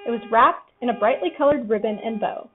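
A woman reading a children's storybook aloud in a gentle, expressive way. Her voice sits a little high. The recording is thin and tinny, like a phone line. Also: brisk, faint music behind.

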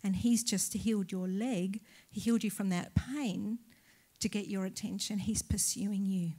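Aussie lady pastor, middle-aged, telling a church story live, acts out all the back-and-forth, mid-pitched, laughs a lot. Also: a little slow. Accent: Australian. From Australia. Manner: animated storyteller, acts out dialogue, laughs often.

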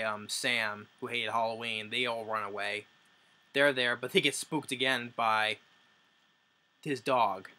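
A man's voice: medium pitch, sharp tone. A man casually recapping a film's plot for his review channel, rambling and often restarting his sentences. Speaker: movie reviewer.

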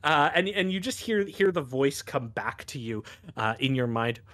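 A man's voice: medium pitch, expressive, moderate pace, fairly bright tone. A man narrating as game master of a tabletop game, rambling and descriptive with many fillers.

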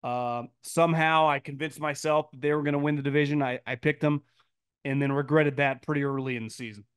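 Podcast host, male, slightly high voice, blunt opinionated mailbag commentary with lots of restarts. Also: fairly even intonation, brisk, clean tone, no room sound, clean studio sound. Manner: blunt, emphatic, mocking quoted voices in a high pitch; frequent restarts and stammered repeats. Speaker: podcast host answering listener mail.

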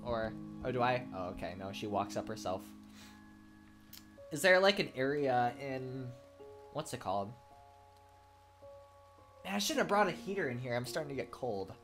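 A man's voice: mid-range voice, very animated, moderate pace, pauses often, a bit bright, soft background music. A young man giving casual gameplay commentary as a let's play host, rambling and joking, swearing and laughing often.

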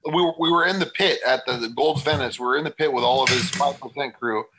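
A man's voice: medium pitch, quick pace, noisy background. A man who is a bodybuilding guest on a casual podcast, talking bluntly, swearing casually and often restarting his sentences.

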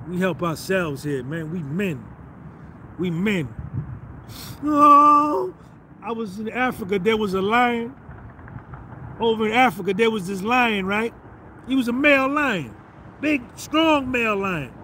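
A man's voice: high voice, expressive, unhurried, pauses often, a bit bright, a little hiss or hum. A man hosting a podcast, delivering a blunt, confrontational, slangy rant. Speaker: podcast host. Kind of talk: ranting monologue.

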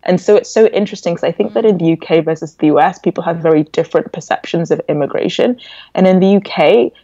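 Animated English-accented young woman. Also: fairly low pitch, fast, dry recording. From born in Nigeria, raised in England. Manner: animated, reflective storytelling. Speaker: podcast guest. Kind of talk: casual interview chat. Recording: dull, dry lo-fi audio.

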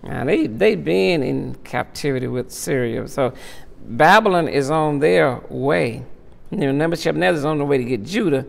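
A man's voice: a little high, expressive, moderate pace, gravelly. A middle-aged male pastor teaching a Bible study, emphatic, repeating his words and swelling into impassioned peaks. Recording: long reverb of a large hall.

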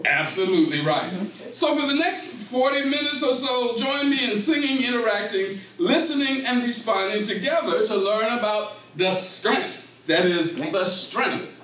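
An older man giving a lively, interactive lecture in a library room. He talks slowly and deliberately, laughs often, and quizzes his audience. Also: very high voice. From Gullah Geechee community, South Carolina. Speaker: speaker. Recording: echoey room, from far off.

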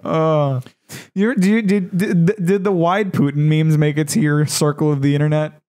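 Young male podcast co-host, casual, quippy, slightly high voice. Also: fairly even intonation, moderate pace, a little mellow. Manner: joking, wisecracking. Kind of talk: casual chat.

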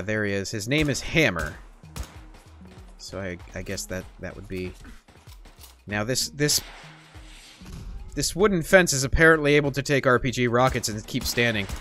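A man's voice: mid-range voice, expressive, moderate pace, long pauses, bright, forceful tone, soft background music. A man hosting a gaming channel, giving playful, joking gameplay commentary in a chatty way.

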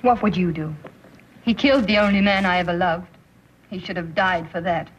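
An actress playing a troubled, determined widow speaking with tense, bitter earnestness in a 1930s radio drama. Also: female voice, on the low side, normal speed, a little hiss or hum, natural voice. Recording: muffled 1930s radio recording.

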